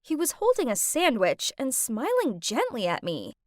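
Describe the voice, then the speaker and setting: A young woman narrating a dramatic first-person story in an expressive way. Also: sits high, normal speed, no room sound, studio quality.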